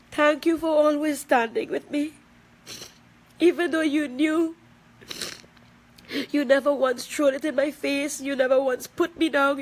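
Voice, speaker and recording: A middle-aged woman with a Trinidadian accent making an emotional personal video statement, tearful and emphatic, repeating herself for weight. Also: high-pitched. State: crying at times.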